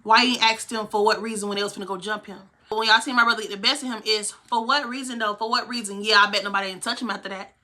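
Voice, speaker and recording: A woman's voice: mid-range voice, fairly even intonation, fast, hardly any pauses, bright, forceful tone. A young woman vlogger telling a heated, profane story from her own life. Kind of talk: storytime vlog.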